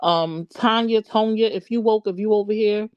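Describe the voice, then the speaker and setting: A woman's voice: mid-range voice, moderate pace, no echo, muffled recording. Woman on a phone livestream, chatty, greets viewers by name, dry close sound. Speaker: livestream host. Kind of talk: casual live chat.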